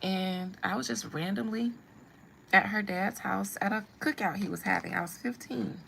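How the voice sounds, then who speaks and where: A woman's voice: medium pitch, normal speed, gravelly, pushed and bright, a little hiss or hum, poor audio. A woman hosting a live stream, telling a personal story in a blunt, humorous way. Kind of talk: casual storytelling.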